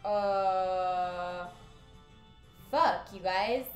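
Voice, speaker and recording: A woman streaming a game with casual commentary, excitable and giggly, breaking into loud squeals. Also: medium pitch, drawn-out words, reverberant, soft background music.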